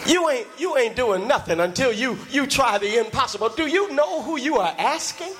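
A man preaching a sermon to a congregation, building to shouted, half-sung calls. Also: extremely high pitch, expressive, moderate pace, over music.

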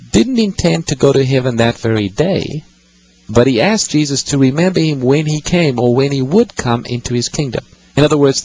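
A man's voice: mid-range voice, slightly rough, poor audio. A man hosting a call-in radio show, patiently explaining Bible passages to callers. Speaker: radio Bible-teaching host.

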